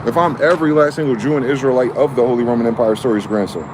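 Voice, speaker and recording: A man's voice: medium pitch, fast talker. Man ranting over passing-car noise. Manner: repetitive, profane, full of rhetorical questions; talks in a casual slangy way, says "y'all" and "bro". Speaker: solo streamer. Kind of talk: late-night rambling monologue. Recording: clear background noise with passing vehicles.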